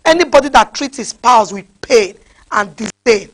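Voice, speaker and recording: A woman's voice: fairly high pitch, animated, moderate pace. A woman with a Nigerian accent preaching a fiery sermon, scolding her listeners with repeated rhetorical questions.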